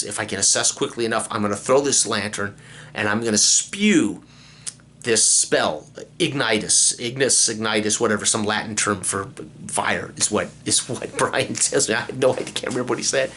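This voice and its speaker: Bright-voiced male game master recapping. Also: fairly low pitch, normal speed, slight background noise. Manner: animated retelling, quoting himself and the player. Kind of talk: session recap storytelling.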